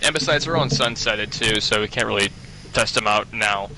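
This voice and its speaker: A man's voice: fairly low pitch, moderate pace, crowd noise, poor audio. A man co-hosting a casual gaming chat, rambling with many fillers and restarts. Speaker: podcast co-host.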